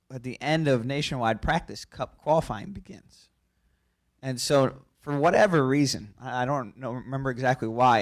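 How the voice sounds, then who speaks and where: A race car driver telling a lively anecdote at a press conference, laughing through it and restarting his sentences quickly. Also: medium pitch.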